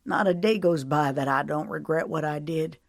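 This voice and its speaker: A woman's voice: low voice, normal speed, creaky, no echo, studio quality. A woman doing an older drawling husband. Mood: remorseful. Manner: drawling, earnest. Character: older remorseful, teasing husband.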